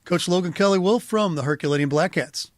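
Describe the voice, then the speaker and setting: A man interviewing a coach in a casual sports show, asking brisk, upbeat questions. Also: high voice.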